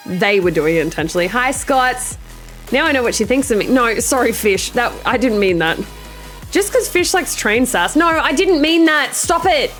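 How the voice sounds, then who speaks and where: Animated Australian woman streamer, laughing. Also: high-pitched, measured pace, soft background music. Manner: animated, swears freely, laughs often. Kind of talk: casual chat with viewers.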